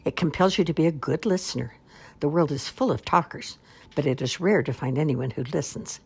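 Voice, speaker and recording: A woman's voice: low voice, a little fast, husky, exaggerated voice. A woman doing a pompous swan father. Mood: lecturing. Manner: grand, flowery speechifying with loud commands. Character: pompous, long-winded male swan father. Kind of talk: storybook reading.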